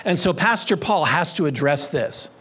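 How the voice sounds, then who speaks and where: A man's voice: fairly high pitch, lively intonation, moderate pace, bright, forceful tone, husky. A man preaching a sermon, reading scripture aloud and playing with words as he leads his congregation in call and response. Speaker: pastor.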